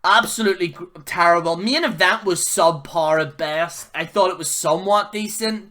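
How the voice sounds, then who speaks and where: A man's voice: high-pitched, bright, forceful tone. A man hosting his own channel, giving a blunt, heated wrestling review full of casual slang and repeated jabs. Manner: casual slang, fillers, restarts. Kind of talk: ranting video review.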